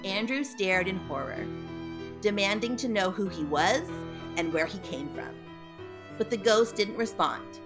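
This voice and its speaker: Woman reading a ghost story, really animated pitch, music playing behind. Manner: lively, dramatic reading with playful asides. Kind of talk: reading a spooky story aloud.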